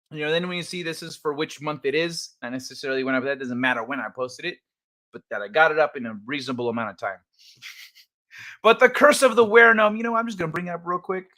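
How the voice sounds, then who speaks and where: A male livestream host who talks in a loose, chatty way, reacting to his viewers, cursing casually and laughing often. His voice sits a little high for a man and swings up and down with lively, animated pitch. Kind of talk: casual live-chat stream.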